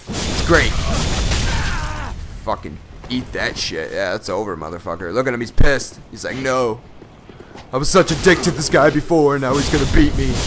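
A young man giving excitable, profane live commentary over his own gameplay, often bursting into shouts. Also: medium pitch, noisy background. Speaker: gaming channel host.

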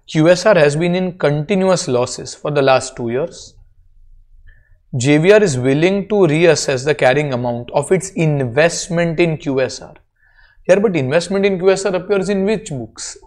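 A man's voice: a little high, measured pace, a little mellow. A man with an Indian accent giving a classroom accounting lecture, explaining step by step and checking in with students.

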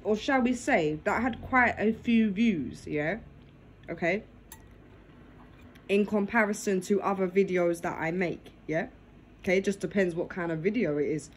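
A woman's voice: mid-range voice, a little slow, a little hiss or hum, low-quality recording. A woman vlogging casually to camera over dinner, filmed on a phone in her lap in her living room, tagging nearly every phrase with "yeah?". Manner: talks while eating dinner.

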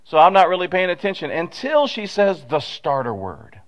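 A man's voice: sits high, big pitch swings, normal speed, muffled recording. A man preaching a conversational sermon as pastor, telling stories with asides and rhetorical questions, at a pulpit microphone in a church sanctuary.

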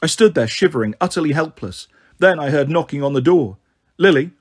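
Husky man reading a children's novel. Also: fairly high pitch, a little fast. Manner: steady first-person reading. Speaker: storyteller. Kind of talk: scripted narration of a children's novel.

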